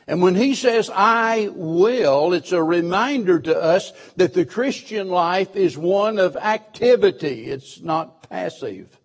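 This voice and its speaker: A man's voice: high-pitched, a little mellow. Emphatic man preaching a sermon. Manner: emphatic, repeats key phrases, asks the listeners questions.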